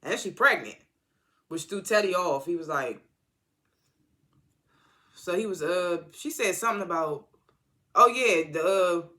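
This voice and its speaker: A TV episode reviewer in a casual recap, rambling and halting with lots of fillers and exasperated asides. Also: mid-range voice, lively intonation, bright, forceful tone.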